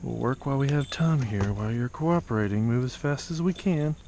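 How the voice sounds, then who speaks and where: A man narrating a casual vlog outdoors as a falconer, talking quietly and patiently and coaxing his bird between remarks. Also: mid-range voice, fairly quick, slight background noise. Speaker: falconer training a hawk. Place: outdoors among trees.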